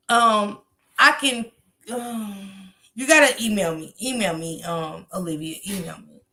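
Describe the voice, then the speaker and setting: A woman streaming live to her viewers, with a sharp, bright tone and a gravelly fry running under her words. Her talk is loose, slangy and salty, with plenty of swearing and laughter as she reads out her chat and answers it. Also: medium pitch, unhurried. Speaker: livestream host. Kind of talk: casual livestream chat, reading comments aloud.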